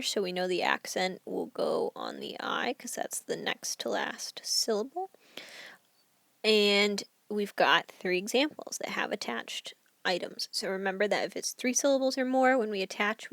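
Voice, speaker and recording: A woman's voice: medium pitch, creaky, fairly bright tone, no echo. A woman Spanish teacher explaining grammar step by step in a recorded lesson.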